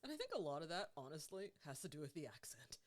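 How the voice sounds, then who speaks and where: A woman with a low voice co-hosts a casual podcast. Her pitch swings widely as she talks, and she laughs often and swears freely as the chat goes on. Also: big pitch swings, fast talker. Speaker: podcast co-host and life coach.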